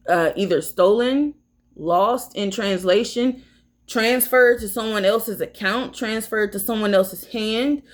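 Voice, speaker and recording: A woman giving a casual tarot reading, blunt and profane, rambling as she talks. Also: medium pitch. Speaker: tarot reader.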